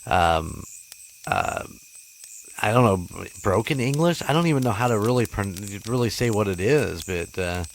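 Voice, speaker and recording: A man's voice: fairly low pitch, animated, normal speed, vocal fry, slight background noise. A man hosting a podcast in casual chat, laughing often and agreeing with his co-host.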